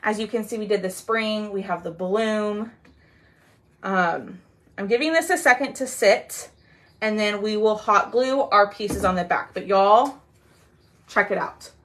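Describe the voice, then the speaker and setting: Chatty bright-voiced woman. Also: mid-range voice. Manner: chatty, drawn-out "y'all", many "um"s. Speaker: craft seller hosting a live sale. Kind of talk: casual livestream chat.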